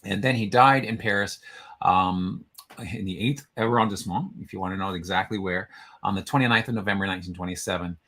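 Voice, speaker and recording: A man's voice: low-pitched, fairly quick, pushed and bright. A man co-hosting a casual online show, chatting in a rambling way as he reads out entries and trips over names. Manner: chatty, stumbles over names while reading. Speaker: co-host. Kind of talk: casual chat.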